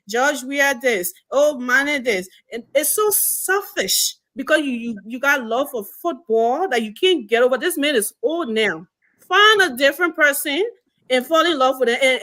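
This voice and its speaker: A woman's voice: sits high, fairly bright tone. A young woman from Liberia calling into a live political talk show on her phone. She speaks in an impassioned, emphatic way, with many restarts. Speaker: caller. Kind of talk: passionate political call-in talk.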